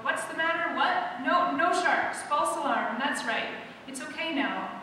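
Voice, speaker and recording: A woman's voice: high-pitched, a little slow, bright, forceful tone, slight background noise, voice pushed up. Lady doing a pushy boat guy cheering a swimmer on, far off in a big echoey hall. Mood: coaxing. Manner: coaxing, insistent. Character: male race official in a boat, urgently encouraging.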